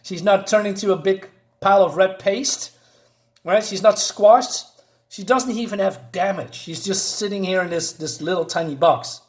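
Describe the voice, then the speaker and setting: Male comic reviewer, higher-pitched voice, sarcastic and dismissive, loose rambling delivery, casual home setup. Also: moderate pace.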